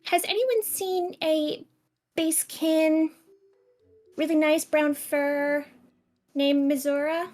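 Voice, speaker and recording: A woman's voice: high voice, fairly even intonation, slow pace, pauses often, a little mellow, faint music behind, voice pushed up. A woman voicing a young female messenger who fakes a posh accent and an overly proper, wealthy manner. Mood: politely proper. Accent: put-on posh accent. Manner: overly proper, polite questioning.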